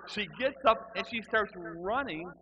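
A man's voice: high voice, a little slow, highs cut off, heavy background noise. A middle-aged man telling a humorous personal testimony, acting out the people in his story as he goes. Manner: animated, acts out other people's voices.

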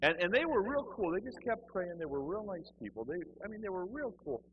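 A man's voice: sits high, brisk, muffled recording, a little hiss or hum. A middle-aged man telling a humorous personal testimony, acting out the people in his story as he goes. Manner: animated, acts out other people's voices.

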